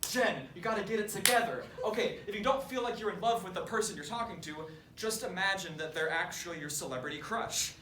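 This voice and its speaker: A man's voice: high voice, fast talker, hardly any pauses, slight background noise. A man doing a blunt, pushy woman acting teacher. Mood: scolding. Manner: blunt, scolding. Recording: roomy stage, far mic, loud laughter.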